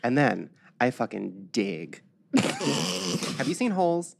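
A man's voice: medium pitch, sing-song, slow, gravelly. A young man hosting a podcast, telling a crude, exaggerated story in giggly banter. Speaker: podcast host.

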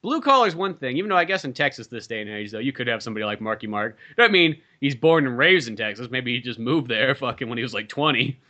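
Fast-talking bright-voiced profane man. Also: medium pitch, highs cut off. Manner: profane, animated movie ranting. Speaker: podcast co-host. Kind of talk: casual chat.

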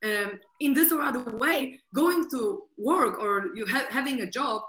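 A woman's voice: a little high, measured pace, a bit bright. A woman hosting a casual podcast conversation. She talks with enthusiasm and sometimes searches for her words. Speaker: podcast host. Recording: echoey room.

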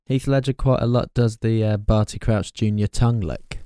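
A man's voice: on the low side, fairly even intonation, normal speed, warm tone, clear, resonant tone, no room sound, studio quality. A man in a casual film chat, playful and teasing.

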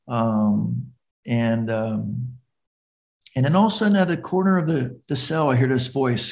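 A man's voice: medium pitch, moderate pace. A middle-aged man, a recovery coach, earnestly telling his personal story as a podcast guest and acting out the voices of the people in it.

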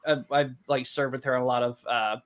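A man's voice: mid-range voice, fairly even intonation, fairly bright tone. A man on a podcast speaking earnestly in casual chat, restarting his sentences often. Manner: earnest, halting, with many restarts.

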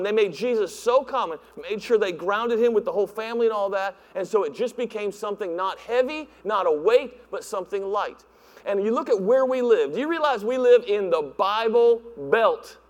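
A male pastor preaching in a church, animated and acting out voices with laughs. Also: high voice. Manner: animated, acts out voices, laughs at own jokes. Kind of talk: sermon. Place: church sanctuary. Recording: long hall reverb.

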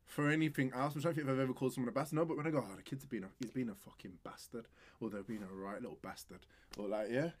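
Laid-back man, slangy banter. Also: very fast. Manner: relaxed slang-heavy banter, drops into low murmured joke voices. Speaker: podcast co-host. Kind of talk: casual chat.

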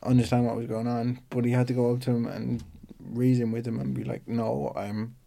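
A man co-hosting a casual chat show, relaxed and self-deprecating, often trailing off into fillers. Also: medium pitch, a little fast, vocal fry. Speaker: podcast co-host.

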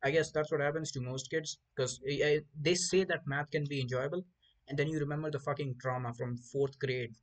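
A man's voice: fairly high pitch, fairly even intonation, fairly quick, rough recording. A man hosting a podcast, telling rambling stories in casual chat with lots of swearing and stumbling restarts. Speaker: podcast host.

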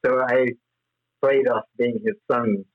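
A man's voice: medium pitch, fairly even intonation, slow, narrow, tinny audio. A man as interview guest, telling rambling stories with frequent laughs and fillers. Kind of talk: anecdotal interview storytelling.

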